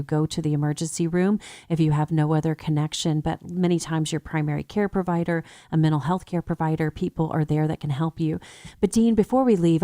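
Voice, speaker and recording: A woman hosting a radio interview, speaking in a measured, informative way as a nurse practitioner. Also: low voice, dark tone, dry recording, clean studio sound.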